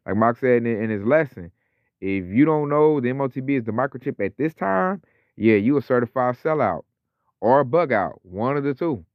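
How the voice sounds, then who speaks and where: A man's voice: medium pitch, lively intonation, moderate pace, dry recording. A man giving an informal scripture lesson in a mid-range voice, talking slangy and loose and mimicking other people's voices as he goes. The recording is dry and a bit muffled, with no room sound. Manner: conversational, slangy, acts out quoted voices. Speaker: religious teacher.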